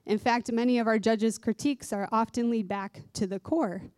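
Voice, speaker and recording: A woman's voice: a little high, fairly even intonation, normal speed, darkish tone, no echo. A woman who teaches dance giving an earnest devotional sermon, repeating key phrases for emphasis.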